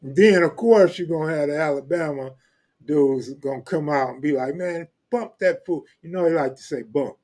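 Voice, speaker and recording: Man, slangy joking live stream chat, a bit high voice. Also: moderate pace, darkish tone. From California. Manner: loose, joking street slang, laughs often. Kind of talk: casual chat reading live comments.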